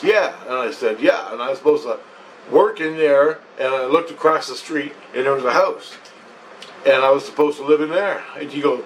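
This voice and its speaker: A man telling a rambling personal story at home, profane and excited, acting out what he and others said. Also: mid-range voice, moderate pace, distant mic, a little hiss or hum, poor audio. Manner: profane, excited, quotes himself and others animatedly.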